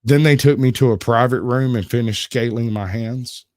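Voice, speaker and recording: A man's voice: mid-range voice, normal speed, a little mellow, no room sound, clean studio sound. A man hosting a livestream, telling rambling stories and giggling often as he goes. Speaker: livestream host. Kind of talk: casual storytelling chat.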